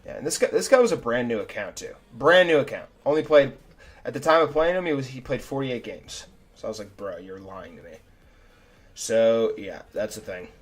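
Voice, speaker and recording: A young man talks through his own chess games live, thinking aloud and restarting sentences as he goes. His delivery is casual and slangy and his pitch sits in the middle. He sounds like a streamer chatting to viewers. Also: lively intonation, fairly quick, faint music behind. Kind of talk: live game review commentary.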